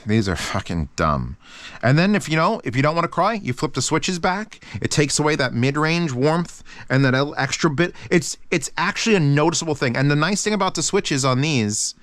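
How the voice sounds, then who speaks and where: A man hosting a casual review channel, talking in an excitable, rambling way with lots of swearing. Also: on the high side, brisk, hardly any pauses, dry recording.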